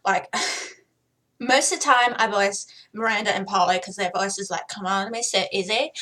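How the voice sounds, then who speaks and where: A woman's voice: mid-range voice, moderate pace, sharp tone. A woman talking casually to camera in a chatty, self-deprecating way, laughing between thoughts. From not American. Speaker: gamer showing off voices.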